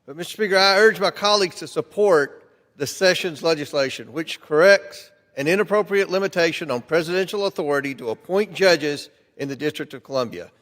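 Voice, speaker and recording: A man making a formal closing statement in a floor debate, measured and combative. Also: fairly high pitch, fairly bright tone. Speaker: congressman managing a bill. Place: large legislative chamber. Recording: long reverb of a large chamber.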